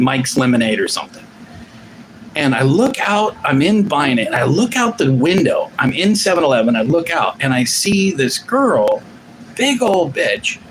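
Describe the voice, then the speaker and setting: Man in his forties, live-stream host, lively swooping delivery, profane rambler, faint hiss behind. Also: medium pitch, poor audio. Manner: rambling, profane, restarts often. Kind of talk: casual live-stream chat.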